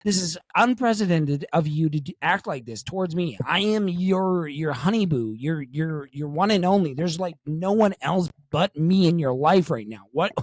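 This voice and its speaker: A man's voice: high-pitched, no echo. A man improvising as a clingy, dramatic pregnant young woman from the South, gushing over the phone and talking over the other person. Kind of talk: improv comedy scene.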